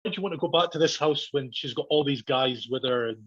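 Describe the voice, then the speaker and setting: A man's voice: medium pitch, fast, a bit bright, slightly rough. A man, a podcast guest telling a story in casual chat, swearing a lot, laughing and acting out what people said. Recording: dull lo-fi podcast audio.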